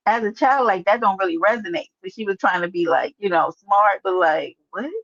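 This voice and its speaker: A woman's voice: medium pitch, a little fast, a bit bright, no room sound, lo-fi sound. A woman hosting a casual livestream, chatting and teasing as she answers viewers by name. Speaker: livestream host. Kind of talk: casual live-stream chat.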